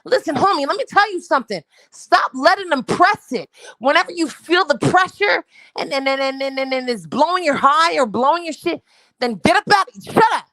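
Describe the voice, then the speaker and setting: A woman's voice: sits high, lively intonation, normal speed, fairly bright tone, no room sound. A woman from New York, a guest on a livestream, talking brashly and profanely in rambling bursts. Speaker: stream guest. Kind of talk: casual stream chat.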